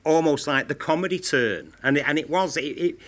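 A man in his fifties with a Manchester accent, a former TV presenter telling candid stories at a live Q&A, talking quickly and full of "you know" and restarts. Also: a little high, lively intonation, a bit bright. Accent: Northern English, Manchester. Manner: rapid, repeats 'you know' often, restarts. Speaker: former TV presenter, panel guest. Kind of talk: candid anecdotal talk at a live Q&A. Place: stage at a live film-institute Q&A event.

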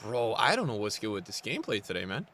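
A man's voice: fairly low pitch, sing-song, quick pace, pushed and bright. A young man streaming live gameplay and talking to his chat, frustrated and trash-talking as he plays.

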